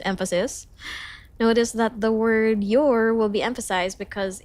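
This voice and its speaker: A woman's voice: steady tone, moderate pace, a little mellow. Giggly young woman streamer studying aloud. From Philippines. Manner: reads lessons aloud, then jumps to high cheerful greetings to chat; giggly, self-conscious asides. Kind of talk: casual study livestream, reading notes aloud.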